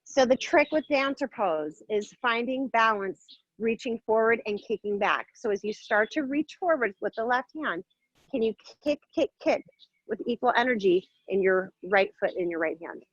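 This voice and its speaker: A woman's voice: a little high, animated, normal speed, no room sound, muffled recording. A woman teaching a yoga class, giving upbeat, playful cues while moving and a little out of breath. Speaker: yoga instructor. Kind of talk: guided yoga class instruction.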